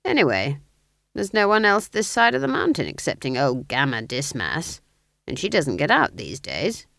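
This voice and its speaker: A woman's voice: sits low, huge pitch swings, moderate pace, gravelly, fairly bright tone, no echo, heavily acted. Woman doing a stern, curt old witch. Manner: curt, disapproving.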